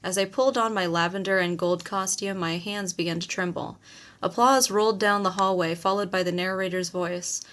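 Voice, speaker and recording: A woman's voice: mid-range voice, normal speed, a little hiss or hum. A woman narrating a first-person novel as an audiobook, telling it expressively. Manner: expressive storytelling with acted quotes.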